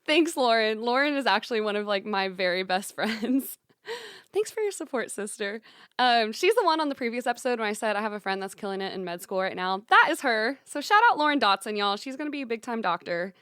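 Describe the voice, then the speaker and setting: A woman's voice: fairly high pitch, lively intonation, a little fast, fairly bright tone, smooth, no room sound, clean studio sound. Bubbly young woman podcast host. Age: young adult; 20s. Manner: bubbly, upbeat, says "y'all" and "you guys" often. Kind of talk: solo podcast monologue. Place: small recording studio.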